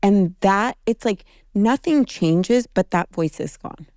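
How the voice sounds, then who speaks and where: A woman's voice: medium pitch, lively intonation, slow, a little mellow, dry recording, studio quality. A woman co-hosting a podcast, chatting casually and reflecting thoughtfully. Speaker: podcast co-host. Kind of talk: casual chat.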